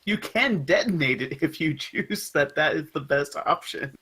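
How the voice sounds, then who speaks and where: A man running a tabletop role-playing game as game master, explaining rules in a relaxed way and laughing easily. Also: on the high side, a little slow, slightly rough, low-quality recording.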